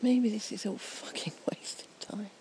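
A woman, slightly tipsy, giving a soft, rambling, whispered night-time ASMR chat outdoors near trees and a fountain on a portable recorder. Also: medium pitch, steady tone, unhurried, creaky, rough recording.

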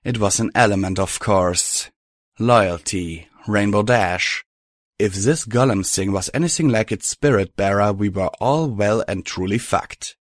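A man with a lower voice reads a first-person story aloud at an even, steady clip. The sound is dry and close with no room around it. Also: a little slow, no room sound. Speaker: narrator. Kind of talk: audiobook reading of fan fiction.

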